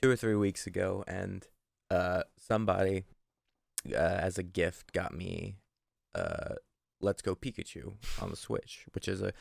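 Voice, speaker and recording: A young man co-hosting a podcast, rambling through casual chat in an animated, sweary way. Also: low voice, a little slow, vocal fry, no room sound, studio quality. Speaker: podcast co-host. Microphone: studio microphone.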